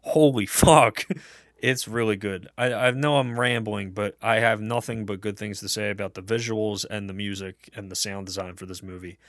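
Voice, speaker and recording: A man's voice: lowish voice, flat delivery, brisk, few pauses, a bit bright, dry recording, studio quality. A man rambling enthusiastically through an unscripted film review, swearing often and piling up fillers and restarts.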